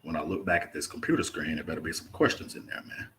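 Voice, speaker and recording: A man's voice: extremely low pitch, animated, fast, fairly bright tone, a little hiss or hum. A young man from Mississippi with a Southern accent, casually chatting through a livestream Q&A and reading viewer comments aloud. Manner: laid-back, drawling, says "man" often. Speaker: travel vlogger hosting a live Q&A. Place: indoors in a rented apartment.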